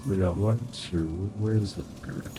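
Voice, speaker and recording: A man's voice: low-pitched, fairly even intonation, a little slow, background noise. A man playing through a video game, reading in-game journal entries aloud and joking about the game, recorded at a desk mic at home. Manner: reads in-game journals aloud, then quips. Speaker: game streamer. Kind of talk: let's play commentary.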